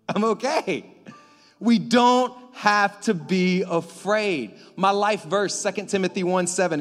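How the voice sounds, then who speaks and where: A man preaching a sermon as pastor, energetic, climbing at times to near shouts. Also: on the high side. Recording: echoey hall with faint music.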